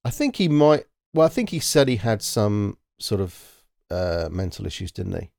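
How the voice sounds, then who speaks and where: A man chatting casually as a podcast co-host, animated and joking, with frequent restarts. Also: fairly low pitch, moderate pace, creaky, no room sound, clean studio sound. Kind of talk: casual chat.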